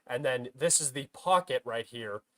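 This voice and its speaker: A young man talks casually through a map on his livestream, pitch sitting mid-range for a man. He fills his sentences with uh and um and restarts often. The sound is dry and close, with no room around it. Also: normal speed, no echo. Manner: filler-heavy, many uh and um restarts; bursts into loud frustrated shouting at himself. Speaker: host of a military map analysis stream.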